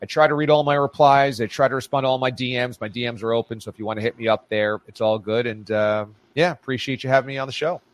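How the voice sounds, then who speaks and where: A man guesting on a sports talk show speaks with emphatic, punchy repetition at a middle pitch. His voice is dry and close, with no room sound around it. He keeps a casual, easygoing radio chat going. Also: fairly even intonation, fast talker, hardly any pauses, no room sound. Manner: emphatic, repeats phrases for punch.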